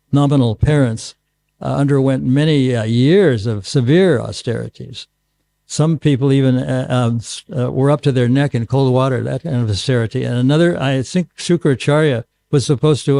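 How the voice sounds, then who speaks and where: Halting man with a gravelly voice. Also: medium pitch, dark tone, dry recording. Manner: halting, many restarts and pauses. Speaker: guru giving a scripture class. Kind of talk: unscripted question-and-answer talk.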